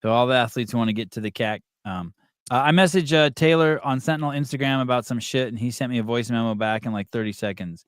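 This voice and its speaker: A man's voice: mid-range voice, quick pace, clean tone, no echo, clean studio sound. A man hosting a podcast, chatting loosely with fillers, profanity and jokes. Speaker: podcast host. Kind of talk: casual chat.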